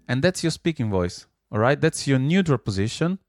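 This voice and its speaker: A man's voice: medium pitch, expressive, normal speed, few pauses, over loud music. A man teaching singing, explaining and demonstrating exercises with sung syllables. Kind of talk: vocal lesson with sung exercises.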